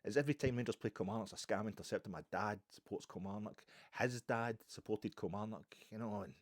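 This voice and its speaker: A man from Ayrshire with a Scottish accent, chatting on his own about football in a rambling, animated way, full of asides and restarts. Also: on the low side, fast talker, no echo, clean studio sound. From Ayrshire, Scotland. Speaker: football podcast host. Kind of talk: rambling solo football chat.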